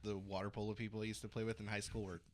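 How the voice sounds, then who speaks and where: A man co-hosting a casual nerd culture podcast, telling stories in an animated way. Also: fairly low pitch, very fast, a little hiss or hum. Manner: animated storyteller. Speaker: podcast co-host. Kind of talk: casual chat.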